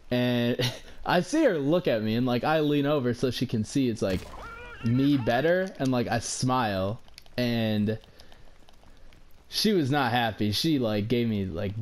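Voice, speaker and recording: Young adult man, casual vlog storytelling, loose and rambling, mid-pitched voice. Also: a little mellow, a little hiss or hum. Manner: rambling, heavy use of "like", swears casually. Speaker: vlogger.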